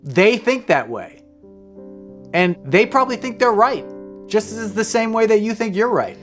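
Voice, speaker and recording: A man's voice: sits high, big pitch swings, normal speed, fairly bright tone, faint music behind. A man hosting a casual explainer monologue, talking loosely, wandering into side stories and swearing offhand. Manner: rambling, conversational, off-hand swearing. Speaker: host, comedian.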